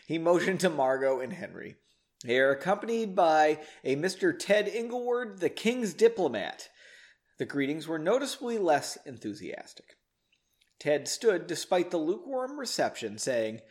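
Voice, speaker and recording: A man reads his own story aloud in a relaxed, tipsy way, stopping to tease himself and joke. His voice sits a little high and swings up and down a lot. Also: moderate pace. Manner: self-mocking, chatty asides, laughs between passages. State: tipsy from drinking. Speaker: reader of his own book. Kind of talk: casual read-aloud with asides.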